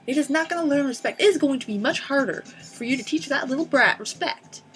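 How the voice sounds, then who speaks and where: A woman's voice: sits high, animated, a little fast, a bit bright, soft background music. A young woman vlogger ranting sarcastically and profanely, exasperated and blunt. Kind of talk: ranting vlog.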